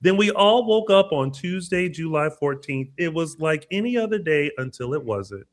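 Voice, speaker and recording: A man's voice: fairly high pitch, lively intonation, normal speed. A man co-hosting a fan show, introducing and interviewing a guest in a bubbly, effusive way. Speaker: podcast co-host.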